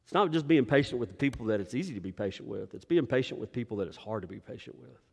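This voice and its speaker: A man preaching a sermon as pastor, swinging between emphatic rises and hushed, quiet drops. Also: mid-range voice, animated, quick pace, gravelly, breathy edge. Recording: long reverb of a large hall.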